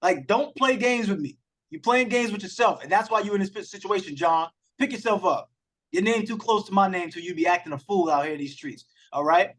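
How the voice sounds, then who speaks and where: A man's voice: high voice, fairly quick, a bit bright. A man hosting an online accountability call, speaking with passion and talking straight to the group about mindset and selling. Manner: passionate, emphatic, addresses the group directly. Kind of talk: motivational coaching talk. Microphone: video call.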